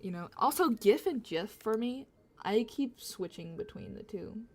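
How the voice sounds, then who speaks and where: A woman's voice: medium pitch, lively intonation, a little slow, darkish tone. Young woman w a little southern accent, rambly giggly stream chat while drawing. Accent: slight Southern US. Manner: rambling, giggly, self-correcting. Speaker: drawing livestreamer.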